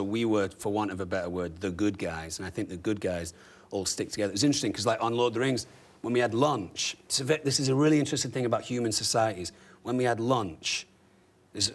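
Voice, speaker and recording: A man's voice: fairly low pitch, fast. A man from England, an actor chatting as a guest, rambling with lots of you know and like. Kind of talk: casual chat.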